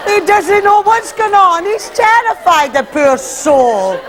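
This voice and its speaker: A Scottish woman performing live stand-up comedy, animated and acting out voices as she tells her routine. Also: very high-pitched, takes it slowly, a crowd in the background, background noise. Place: stage before a live audience. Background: audience laughter.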